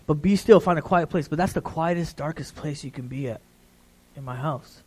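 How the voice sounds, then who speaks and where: A middle-aged man preaching a sermon in a relaxed, conversational way, often checking in with the congregation. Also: fairly high pitch, moderate pace, slightly rough. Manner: conversational, repeats "right?" to the congregation.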